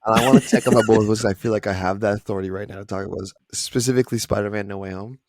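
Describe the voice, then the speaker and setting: A man co-hosting a podcast, giving his film opinions in quick, animated casual chat. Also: fairly low pitch, no room sound, clean studio sound. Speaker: podcast co-host.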